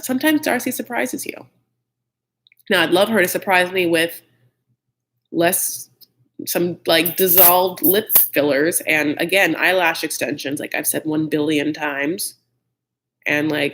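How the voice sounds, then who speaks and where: A man's voice: on the high side, a little slow, a bit bright. A man hosting a live chat recap of a reality show, gossipy and blunt, with frequent "like" and mocking impressions of the cast.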